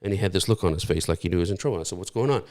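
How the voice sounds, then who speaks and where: A man's voice: deep voice, very fast, darkish tone. A middle-aged man preaching a sermon in a conversational, storytelling way with frequent restarts. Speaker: pastor.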